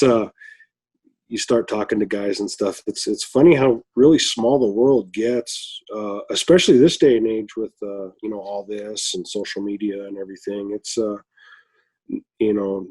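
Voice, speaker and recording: A man's voice: lowish voice, moderate pace, a little mellow, slightly rough. A middle-aged man from Flagstaff chatting casually as a listener guest, rambling with lots of fillers and little chuckles. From Flagstaff, Arizona. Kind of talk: casual chat.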